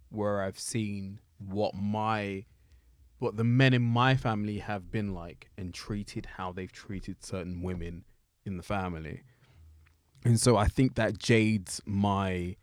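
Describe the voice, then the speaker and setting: Lowish-voiced man, candid and reflective in casual chat, dry close sound. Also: a little mellow, clean tone, no echo. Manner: candid, reflective, joking asides.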